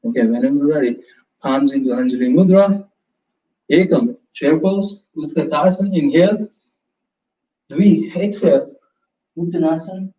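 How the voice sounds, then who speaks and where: A man leading a live yoga class, giving calm, slow, step-by-step cues with prompts to breathe. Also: fairly high pitch. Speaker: yoga instructor. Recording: roomy, distant, slightly dull sound.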